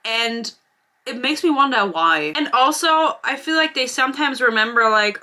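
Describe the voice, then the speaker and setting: A woman's voice: on the high side, animated, normal speed, pushed and bright. A woman giving a casual book review vlog, sarcastic and blunt, often giggling.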